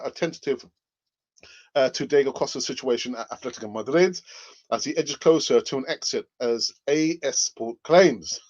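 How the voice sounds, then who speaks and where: A man hosting a casual football news show, who laughs often and repeats himself, heard through muffled lo-fi audio. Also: medium pitch. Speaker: fan channel host.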